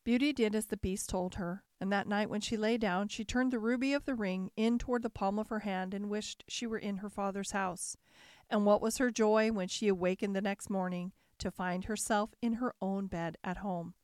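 Woman calmly narrating a fairy tale. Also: mid-range voice, normal speed, clean tone, no room sound, studio quality. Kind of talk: storybook narration.

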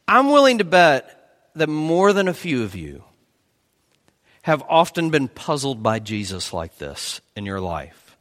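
Slow, expressive male preacher. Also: medium pitch, long reverb tail. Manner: earnest, dropping to a hushed tone for emphasis. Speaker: pastor. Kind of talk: sermon.

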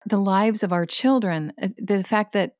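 A woman, retelling a personal experience in conversation in a vivid, expressive way with bursts of laughter. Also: mid-range voice, measured pace, dry recording, studio quality. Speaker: guest sharing her experience.

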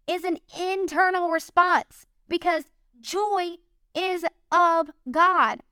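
Woman, devotional speaker; unhurried, upbeat, earnest delivery. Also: very high-pitched, sharp tone, dry recording, clean studio sound. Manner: earnest, upbeat, chatty, addresses listeners as guys. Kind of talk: encouraging devotional talk.

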